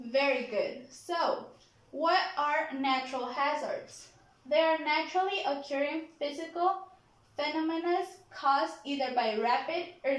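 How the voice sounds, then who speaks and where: A woman teaching a vocabulary lesson in a classroom. She models each word slowly and keeps checking in with "okay?". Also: sits high. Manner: slow, deliberate modeling of pronunciation, frequent "okay?" checks. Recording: very echoey classroom.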